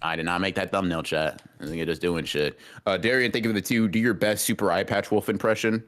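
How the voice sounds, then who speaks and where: A young man co-hosting a casual podcast livestream, teasing his friend and reading super chats, with sudden high-pitched bursts. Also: steady tone, quick pace, fairly bright tone. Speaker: podcast co-host.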